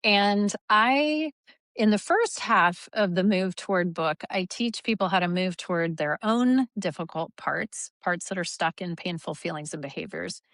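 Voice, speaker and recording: A woman in her fifties, a therapist guest talking in an animated way and sometimes acting out angry lines. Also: lowish voice, measured pace, dry recording, studio quality. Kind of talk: conversational interview.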